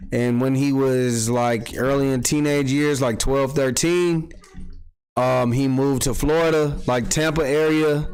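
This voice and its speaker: A man hosting a casual livestream, telling street gossip in an animated, profane style and acting out quotes. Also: fairly high pitch, a little hiss or hum, rough recording. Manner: animated storytelling, acts out quotes, swears freely. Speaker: podcast host.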